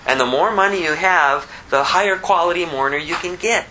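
A man teaching verse by verse from the Bible, lively and conversational, who chuckles at his own asides. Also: high-pitched, a little fast, hardly any pauses, slight background noise, poor audio.

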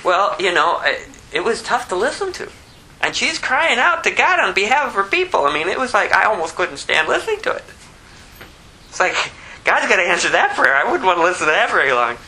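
A man teaching verse by verse from the Bible, lively and conversational, who chuckles at his own asides. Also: high-pitched, fairly quick, slight background noise, low-quality recording.

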